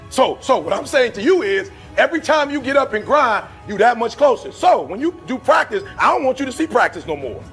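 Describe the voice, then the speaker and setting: His voice very high, creaky and fairly bright, a middle-aged man from Detroit delivers a motivational speech. He's fiery and preachy, spinning slangy stories while faint music plays.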